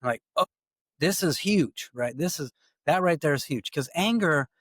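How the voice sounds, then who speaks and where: Here a male podcast host tells stories in relaxed conversational style, acting out each quoted line with lots of energy. He speaks at a moderate pace in a fairly high pitch, and there's no echo.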